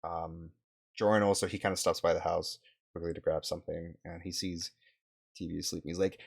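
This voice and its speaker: A man narrating as game master, halting with many fillers and swears. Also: deep voice, flat delivery, gravelly, breathy edge.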